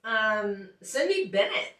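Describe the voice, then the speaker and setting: A chatty, upbeat woman hosting a casual chat show, with a bright, forward voice. She sits a little away from the mic in an echoey room. She laughs often as she talks. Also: medium pitch, big pitch swings, takes it slowly, far from the mic. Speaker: show host.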